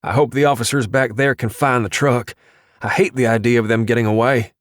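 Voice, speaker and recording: A man's voice: mid-range voice, fairly even intonation, fairly quick, no room sound, studio quality, close to an everyday voice. A man reading an audiobook, voicing a tactical police officer with a clipped, commanding manner. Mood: urgent. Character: tough, terse male tactical police officer. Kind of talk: audiobook dialogue.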